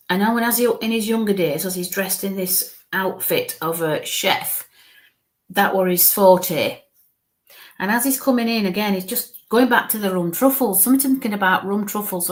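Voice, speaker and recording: A woman medium giving live readings, her voice sitting at an ordinary middle pitch. She talks in stops and starts and keeps dropping into soft, coaxing murmurs between her statements. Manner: halting, breaks off to coax spirits under her breath. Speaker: psychic medium. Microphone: live stream mic.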